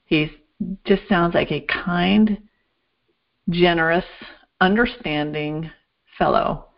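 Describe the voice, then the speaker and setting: A woman's voice: on the low side, takes it slowly, creaky. A woman hosting a radio interview, speaking in a reflective, encouraging way. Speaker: radio show host. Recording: dull lo-fi sound.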